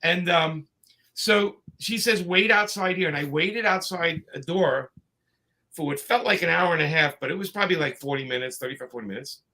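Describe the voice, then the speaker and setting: A man's voice: on the high side, normal speed, sharp tone. A man telling long, rambling anecdotes in a casual chat, full of fillers and restarts. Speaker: comics creator telling stories.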